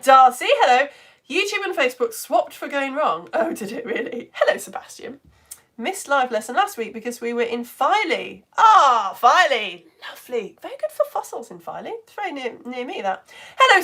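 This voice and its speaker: A woman, an online science teacher chatting casually and warmly reading out viewer comments during a live stream. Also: sits high, big pitch swings, fairly quick. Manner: chatty and effusive, reads comments aloud.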